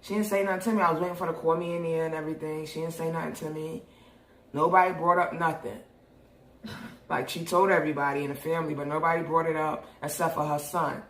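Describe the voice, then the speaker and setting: Animated, cussing young New woman. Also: sits low, fast. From New York. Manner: animated, profane, laughs often. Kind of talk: casual storytelling. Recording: roomy echo.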